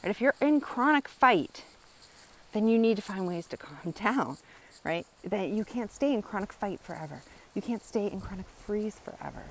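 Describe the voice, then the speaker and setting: A woman's voice: medium pitch, animated, moderate pace, slight background noise, poor audio. A woman educator explaining in a casual, earnest teaching monologue, often repeating phrases and checking in with "right?". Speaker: wellness educator.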